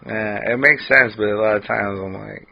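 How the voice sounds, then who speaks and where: A man's voice: fairly low pitch, fairly even intonation, moderate pace, creaky, dry recording. A man co-hosting a podcast in casual chat, thoughtful and fond of words and how people use them. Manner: reflective, fond of language. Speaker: podcast co-host. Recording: dry, dull lo-fi podcast audio.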